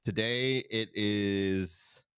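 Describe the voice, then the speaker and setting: A man's voice: fairly low pitch, very slow, clear, resonant tone, dry recording, studio quality. A man joking around with friends on a gaming stream. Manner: joking, animated. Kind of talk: casual gaming chat.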